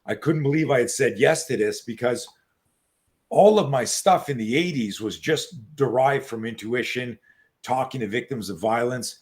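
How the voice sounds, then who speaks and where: A man in his sixties, a self-defense coach telling stories as an interview guest, animated and profane, on a video call. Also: medium pitch, normal speed. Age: 60s. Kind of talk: casual interview storytelling.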